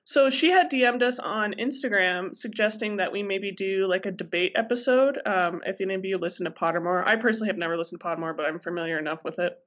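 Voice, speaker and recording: A woman's voice: mid-range voice, fast talker, hardly any pauses, a bit bright. A young woman co-hosting a podcast, bubbly and giggly in casual chat. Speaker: podcast co-host. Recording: dull lo-fi podcast mic.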